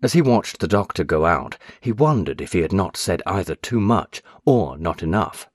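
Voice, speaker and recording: A man narrating a story in a measured, expressive reading. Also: sits low, dry recording, clean studio sound. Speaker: audiobook narrator.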